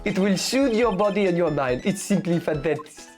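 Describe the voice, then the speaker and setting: A woman's voice: on the low side, lively intonation, a little mellow, soft background music, natural voice. A woman voicing a flamboyant male restaurant owner with a put-on French accent, theatrical and flirty, reading a video game's lines. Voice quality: theatrical, flirty, drawn-out vowels.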